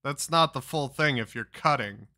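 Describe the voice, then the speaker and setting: A man's voice: medium pitch, normal speed, pushed and bright. A man giving profane, mocking reaction commentary.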